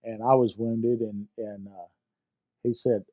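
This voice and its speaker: An older man recalling his war experiences in a halting way, with many fillers and repeated words. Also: fairly low pitch, fairly even intonation, narrow, tinny audio. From United States. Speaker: veteran interviewee. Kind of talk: personal war recollection.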